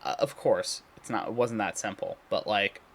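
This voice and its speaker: A man talking casually in a daily video diary, rambling and halting with many fillers, restarts and throat clearing. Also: on the low side, slight background noise. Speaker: vlogger. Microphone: computer recording setup.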